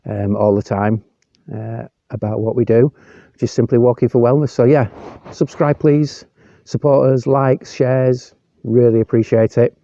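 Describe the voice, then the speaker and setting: A man's voice: medium pitch, unhurried, no echo, lo-fi sound. A man talking casually and a bit hesitantly as he asks viewers to subscribe, outdoors in a forest. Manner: relaxed, hesitant with fillers. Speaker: vlogger. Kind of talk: casual chat.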